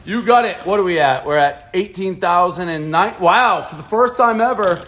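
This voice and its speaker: A man's voice: high-pitched, normal speed, a bit bright. A man giving profane, jittery running commentary as he unboxes packages on a casual livestream. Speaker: host unboxing fan mail.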